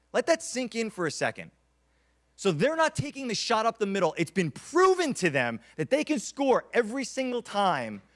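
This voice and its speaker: A keynote speaker in his thirties gives a motivational talk, telling stories dramatically and repeating key lines for emphasis. His voice sits high with a fairly bright tone.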